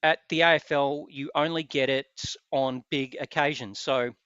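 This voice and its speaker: A man's voice: fairly high pitch, measured pace, clean tone, dry recording. Australian male podcast host, casual storyteller, stop-start delivery, dry dull audio. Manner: animated storyteller with hesitant restarts. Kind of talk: casual chat.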